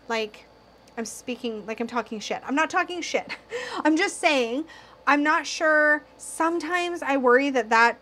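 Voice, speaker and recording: A young woman reviewing tarot decks in a casual video, slightly tipsy, excitable and giggly, cursing now and then. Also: sits high. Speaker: tarot YouTuber.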